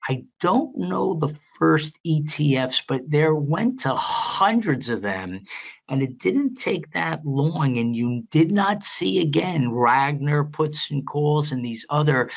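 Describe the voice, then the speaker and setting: An older man recounts his past in an interview, stopping and restarting as he goes and then getting animated. The audio is a little muffled and lo-fi. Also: on the high side, slow pace, gravelly. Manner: rambling, animated anecdotes with many restarts. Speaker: guest, veteran market analyst. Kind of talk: storytelling interview.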